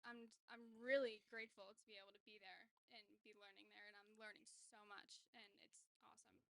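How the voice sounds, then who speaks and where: Bright, eager young woman guest. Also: medium pitch, flat delivery, brisk, dry recording. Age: young adult. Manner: chatty and enthusiastic, many "like"s. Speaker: guest, kinesiology doctoral student and athletic trainer. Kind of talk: casual podcast interview.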